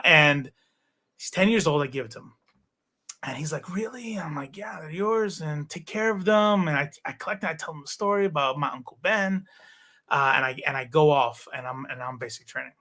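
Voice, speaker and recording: A man in his thirties telling stories in a casual chat, animated, swearing and acting out what people said. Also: medium pitch. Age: 30s. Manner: animated, swearing, acts out quoted dialogue. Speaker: podcast guest.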